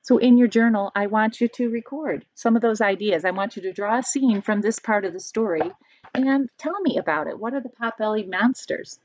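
A woman's voice: fairly high pitch, brisk, a little mellow. A woman teacher reads a picture book aloud to children, stopping to explain words and ask them questions. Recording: dry, muffled home recording.

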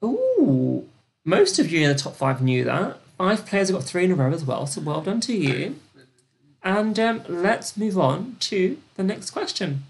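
A young British woman hosting a live-streamed trivia quiz, chatty and gossipy, with excited gasps and lots of fillers. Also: lowish voice, unhurried. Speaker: quiz host.

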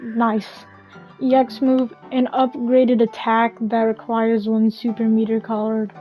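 A woman's voice: fairly high pitch, completely flat delivery, takes it slowly, mellow, faint music behind, low-quality recording. A woman gamer reading a game's storybook intro and tutorial aloud, with wry asides.

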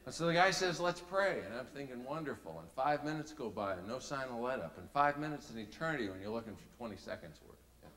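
A middle-aged man preaching a sermon as a folksy, animated story, swinging between quiet asides and loud peaks. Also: medium pitch, fast, few pauses. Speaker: speaker. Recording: reverberant hall.

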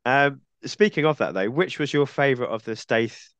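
A man's voice: medium pitch, lively intonation, normal speed, fairly bright tone, clear, resonant tone, no echo. A man hosting a film podcast with a cold, chatting casually and often ending points with tag questions. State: has a cold. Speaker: podcast host.

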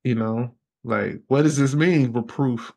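A young man from Alabama, a podcast guest telling his story casually and acting out his younger self with lively exclamations. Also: a little slow, vocal fry. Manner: animated, acts out his past self with high exclamations and laughs.

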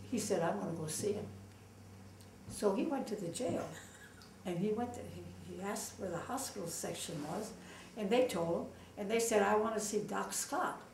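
Older woman, Los Angeles native, oral-history interviewee. Gravelly, animated storyteller; echoey room, off-mic. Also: medium pitch, distant mic, slight background noise. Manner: lively, acts out quoted dialogue with fillers. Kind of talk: casual storytelling.

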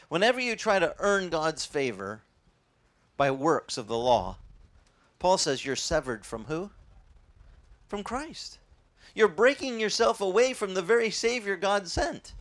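A male pastor preaching a sermon in a lively, conversational way, quizzing his audience. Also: sits high, unhurried, long pauses.

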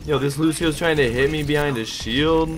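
A man's voice: a little high, normal speed. A young man casually commentating his own gameplay, hyped and joking, trash-talking and laughing. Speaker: gaming YouTuber.

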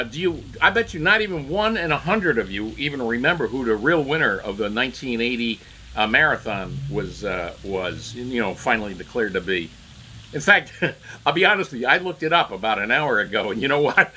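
A man giving a casual political commentary monologue, halting and repeating words as he restarts sentences. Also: medium pitch, sharp tone, slight background noise, poor audio.

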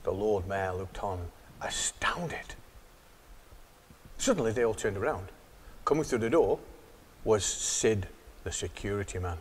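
A man telling a children's story, voicing the characters in higher pitches. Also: unhurried, pauses often, breathy edge. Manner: lively, voices the girls in higher pitch.

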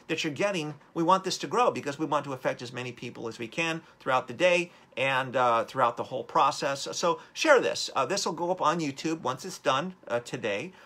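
Man, live-stream host, motivational talk, upbeat, exhorting, bright tense tone. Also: mid-range voice, brisk, hardly any pauses. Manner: upbeat, rambling, exhorting viewers.

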